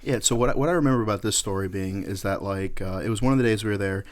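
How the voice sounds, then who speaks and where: A man's voice: fairly low pitch, rapid-fire. A male podcast host in casual chat, telling a rambling, profane story.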